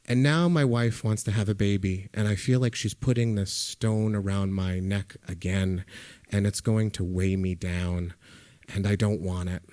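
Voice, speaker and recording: Man telling a true story on stage. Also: medium pitch. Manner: conversational, dry comic timing. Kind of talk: live first-person storytelling. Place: music hall stage before a live audience.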